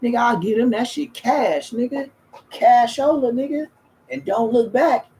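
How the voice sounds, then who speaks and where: A man's voice: very high-pitched, a little slow, darkish tone, slight background noise. A man, telling rambling, slangy, profane stories as a streamer in casual chat. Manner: profane, slangy, loose and restarting.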